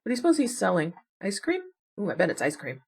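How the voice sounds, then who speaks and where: A woman's voice: mid-range voice, wildly swooping pitch, quick pace, creaky, slightly rough. A woman playing puzzle games and thinking aloud in casual commentary, chatty and wondering, with self-deprecating asides. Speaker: puzzle game streamer.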